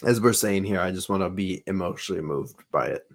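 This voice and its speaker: A man's voice: deep voice, a little fast. A man co-hosting a podcast in casual chat, earnest and hesitant, stumbling over his words. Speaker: podcast co-host.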